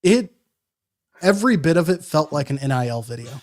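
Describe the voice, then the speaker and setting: A man's voice: fairly high pitch, big pitch swings, fairly quick. A man co-hosting a casual sports podcast, rambling and joking with lots of filler words. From Madison, Wisconsin. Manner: rambling, jokey, many fillers. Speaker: podcast co-host.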